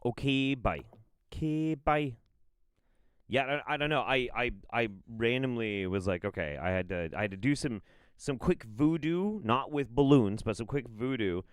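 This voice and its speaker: Male streamer, incredulous and profane commentary, animated delivery, dry close sound. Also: mid-range voice, moderate pace, clean tone, dry recording. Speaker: streamer reacting to clips. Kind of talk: commentary on played clips.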